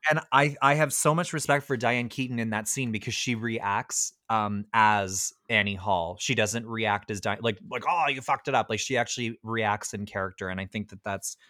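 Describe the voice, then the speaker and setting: Bright, dry-sounding man hosting a podcast. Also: lowish voice, moderate pace, few pauses, dry recording. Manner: hesitant restarts, animated when retelling scenes. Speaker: podcast host. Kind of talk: casual film discussion.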